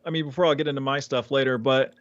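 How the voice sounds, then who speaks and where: A man's voice: mid-range voice, fairly even intonation, fast talker, no echo, lo-fi sound. A man co-hosting a podcast in casual discussion, hesitant and full of fillers. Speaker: podcast co-host.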